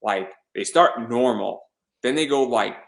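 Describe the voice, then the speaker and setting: This podcast host chats casually with an interview guest, full of enthusiasm but stammering and doubling back on words. He has a mid-range, creaky voice and keeps a measured pace.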